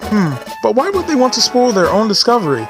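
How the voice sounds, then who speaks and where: Man doing a fussy bird assistant, pompous, officious, lecturing, raised pitch. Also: big pitch swings, brisk, over music.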